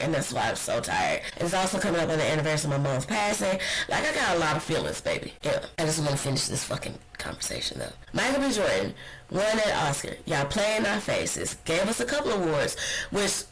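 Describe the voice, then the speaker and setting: A podcast host talking alone in a rambling, blunt and profane way, getting heated and often trailing off to think out loud. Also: medium pitch, wildly swooping pitch, brisk, rough recording. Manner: heated, ranting. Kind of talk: casual solo podcast monologue.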